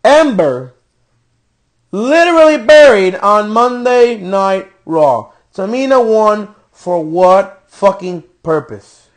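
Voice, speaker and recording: A man's voice: high-pitched, lively intonation, slow pace. A man hosting a podcast, delivering a profane, exasperated rant reviewing a wrestling show. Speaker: podcast host.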